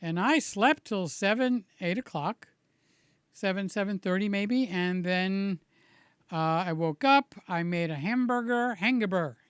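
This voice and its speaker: Slow, rambling man, slightly hoarse. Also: sits high, no room sound, clean studio sound. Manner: slow, rambling and friendly, greets viewers by name. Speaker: vlogger chatting with live viewers. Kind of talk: casual live-stream chat.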